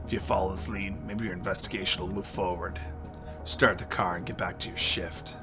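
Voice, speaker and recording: Low-key man reading game text. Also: steady tone, a little fast, over music. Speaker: gaming video creator. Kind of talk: reading game text aloud, casual commentary.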